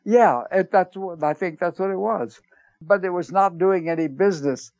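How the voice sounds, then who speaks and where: An older man tells anecdotes in a relaxed interview, chuckling now and then. His voice sits a little high. The recording is dry and dull, with little room sound. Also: normal speed, dry recording. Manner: chatty storyteller, chuckles while telling, acts out quoted voices. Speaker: theater writer guest.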